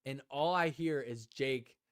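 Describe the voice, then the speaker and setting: A man co-hosting a casual livestream podcast, telling a story with animated delivery and frequent laughter. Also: mid-range voice, a little slow, smooth, dry recording, clean studio sound. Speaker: podcast co-host.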